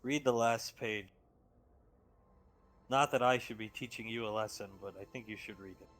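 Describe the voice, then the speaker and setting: A man's voice: medium pitch, normal speed, a bit bright. A man running a tabletop game as game master, matter-of-fact and listing details.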